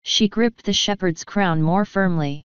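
A woman reading a fantasy audiobook with steady, expressive storytelling. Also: medium pitch, measured pace, clean tone, no room sound, lo-fi sound. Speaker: audiobook reader. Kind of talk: audiobook narration.

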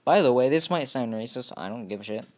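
A brash, boastful Australian bloke, put on by a man doing a rough impression. The delivery is cheeky and swaggering. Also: mid-range voice, expressive, quick pace, a little mellow, natural voice.

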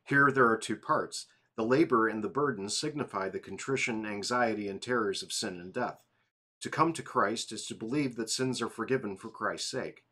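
Sleepy guy reading old church text out loud, bright kinda sharp tone. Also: on the low side, normal speed, breathy edge. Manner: reads steadily, apologizes and laughs at slips. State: yawning, tired. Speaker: pastor reading a confession. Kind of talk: devotional reading aloud.

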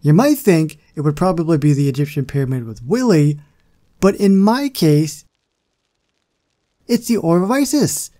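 A man's voice: a little high, animated, normal speed, long pauses, warm tone. A man hosting a gaming channel, giving casual gameplay commentary in a chatty, self-deprecating way with muttered asides.

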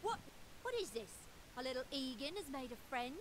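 Sneering fae con artist, high and swooping, noisy game audio. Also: female voice, sing-song, moderate pace. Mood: mocking. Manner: mocking, theatrical villain delivery. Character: scheming female fae trickster, sly and taunting. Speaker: game character.

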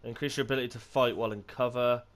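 A young British man giving casual commentary while playing a multiplayer game, excitable and swearing freely. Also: medium pitch, rapid-fire. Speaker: gamer.

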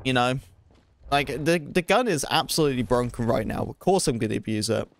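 A gaming streamer with a gravelly, medium-pitched voice plays a shooter at a brisk pace. His commentary is casual, chatty, excitable, and rambling, and he pokes fun at his own play.

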